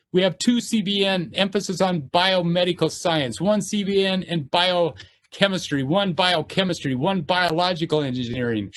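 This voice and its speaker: A man giving a university lecture, earnest and a little halting, with fillers and restarts as he reads out course text and lists. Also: fairly high pitch.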